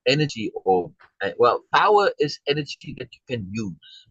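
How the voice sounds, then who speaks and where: A man's voice: medium pitch, big pitch swings, moderate pace, a bit bright, slightly rough, no echo, dull audio. A man leading a group discussion, telling a personal story in a casual, rambling way, with many restarts and a habit of asking "right?". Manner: acts out quoted exchanges in a raised voice.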